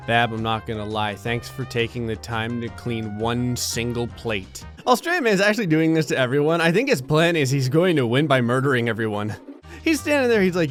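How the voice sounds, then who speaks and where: A man's voice: medium pitch, lively intonation, a little fast, faint music behind. A young man giving comedic commentary over a life-simulation game, sarcastic and mocking, often slipping into little voices for the characters. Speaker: gaming YouTuber.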